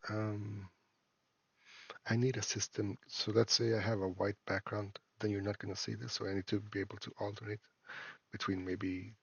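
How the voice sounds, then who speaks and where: A man, an indie game developer and a father, talks through his game in a casual devlog, halting and full of fillers and restarts. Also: on the low side, level tone, vocal fry, highs cut off, a little hiss or hum. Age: adult, a parent. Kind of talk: casual screen-recorded devlog.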